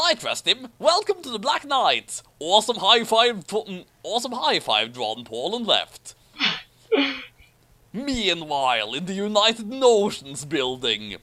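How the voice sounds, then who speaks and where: A man hams his way through a comedic fan-story reading. His voice sits high and bright, and it leaps wildly in pitch. He sounds theatrical, as if performing for a friend beside him. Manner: hammy, theatrical announcing, frequent laughter. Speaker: fanfiction reader and commentator. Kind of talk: comedic dramatic reading with commentary.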